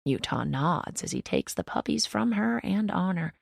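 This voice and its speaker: Brief: female audiobook narrator, low and gravelly, even and reflective. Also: moderate pace, hardly any pauses, no echo, clean studio sound. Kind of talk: first-person novel narration.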